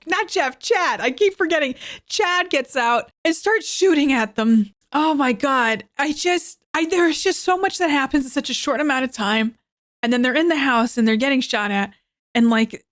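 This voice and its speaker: A young woman hosting a podcast, retelling a movie's plot in a casual, animated way and laughing often. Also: sits high, normal speed. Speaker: podcast host.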